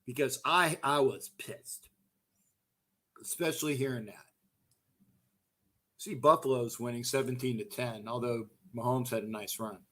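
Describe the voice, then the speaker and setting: A man's voice: medium pitch, fairly even intonation, measured pace, long pauses. Fired-up, cursing male sports fan host. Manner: profane, fired-up, loud outbursts, repeats himself. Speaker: host of a fan call-in show. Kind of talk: heated casual fan rant.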